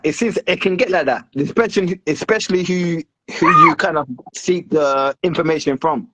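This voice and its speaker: A man's voice: fairly high pitch, normal speed, hardly any pauses, a bit bright, poor audio. A man who is a guest in a casual discussion, explaining his view at length with many fillers and restarts.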